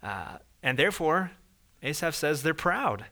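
A man preaching a sermon with a bright, forceful voice. He talks to the congregation conversationally and acts out everyday moments in lively put-on voices. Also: a little high, unhurried. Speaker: pastor.

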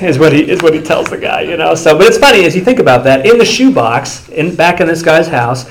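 A man's voice: a little high, brisk, few pauses, crowd noise, poor audio. A man preaching a sermon, who opens with a loose, conversational story and acts out the voices of the people in it. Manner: animated storytelling, acts out quoted speakers. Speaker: pastor.

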